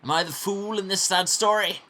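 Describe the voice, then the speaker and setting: A man's voice: high-pitched, steady tone, a little fast, sharp tone, pitched above the performer's own voice. A man voicing a pompous middle-aged baron who demands more from the people working for him. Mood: haughty. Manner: haughty, demanding.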